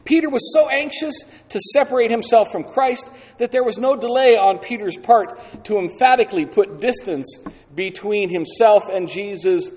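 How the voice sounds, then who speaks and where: A man preaching a sermon slowly and deliberately, leaning on key words for dramatic emphasis. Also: high voice, darkish tone. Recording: long hall reverb.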